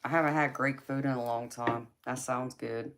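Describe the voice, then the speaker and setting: A woman's voice: very deep voice, fairly even intonation, normal speed, background noise. A young woman with a Southern drawl chatting casually with her livestream viewers, reading their comments aloud. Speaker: livestream host. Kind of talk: casual chat with live viewers.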